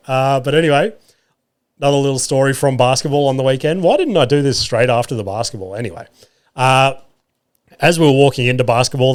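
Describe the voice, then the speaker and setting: A man in his thirties with an Australian accent, hosting a podcast and telling wry, profane stories in a casual chat. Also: medium pitch. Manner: profane, wry, lots of filler and acted-out quotes. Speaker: podcast host. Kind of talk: casual comedic storytelling. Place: home room.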